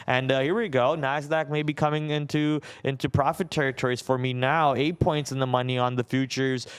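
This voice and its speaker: A man's voice: mid-range voice, flat delivery, fairly quick, clean tone. A man co-hosting a live trading show, giving running commentary on his own trades and often repeating words as he watches the screen. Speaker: day trader co-host. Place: trading floor studio.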